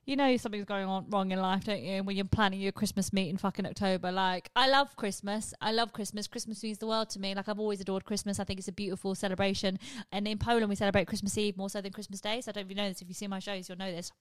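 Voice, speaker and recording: A woman's voice: mid-range voice, fairly even intonation, quick pace, hardly any pauses, clear, resonant tone, no echo. A woman hosting a podcast, telling frank, self-mocking stories full of swearing. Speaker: podcast host. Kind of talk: comic confessional storytelling.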